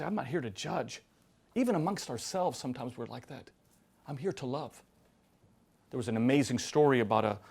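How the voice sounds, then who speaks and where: A man, a priest, giving a sermon to a live audience, telling stories with acted quotes and moving between loud emphasis and hushed, quiet lines. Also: mid-range voice.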